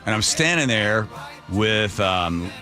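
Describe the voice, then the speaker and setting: A man's voice: on the low side, takes it slowly, music in the background. A man hosting a talk radio show, telling a story in a casual chat and acting out the quotes. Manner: animated storyteller, acts out quotes. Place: radio studio. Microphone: studio microphone.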